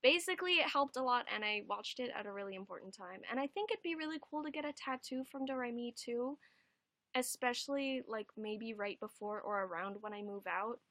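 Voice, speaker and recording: A woman's voice: fairly high pitch, brisk, a bit bright, no room sound. A young adult woman chatting casually on a home livestream, rambling and swearing casually.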